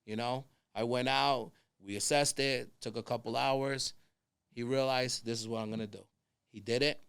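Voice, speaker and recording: A man, a construction consultant chatting as a podcast guest, telling animated stories and acting out the people in them. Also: medium pitch, moderate pace, vocal fry, smooth. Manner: animated storyteller, acts out quoted people. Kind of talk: casual conversation.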